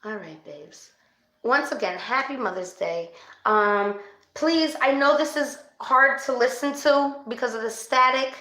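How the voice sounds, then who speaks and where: A woman doing a casual livestream spirit session as a psychic reader, chatty and excitable, calling her viewers babes. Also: a little high, measured pace. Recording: echoey room.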